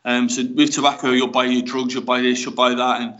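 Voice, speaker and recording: A young man with a Black Country accent talks fast and frankly, telling his story as a podcast guest. His delivery is chatty and full of fillers. The recording sounds slightly dull and lo-fi. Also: medium pitch, little pitch movement, a bit bright. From West Midlands, England. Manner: chatty and frank, with many fillers like "mate" and "you know". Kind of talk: casual storytelling in a podcast interview.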